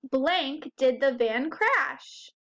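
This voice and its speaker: A woman teaching a first grade phonics lesson, who sounds out words slowly and clearly and asks the children questions. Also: high voice, lively intonation, fairly bright tone.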